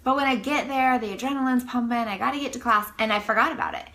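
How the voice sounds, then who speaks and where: A woman in her thirties, casually telling a vlog story to the camera, animated and breathless. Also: fairly high pitch, fast. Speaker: vlogger.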